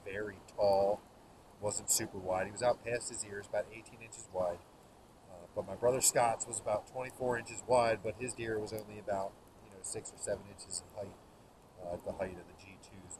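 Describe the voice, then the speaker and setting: Outdoors beside an open fire, a male show host with a medium-pitched voice tells rambling, folksy hunting stories and laughs at his own tales. The outdoor recording carries steady background noise.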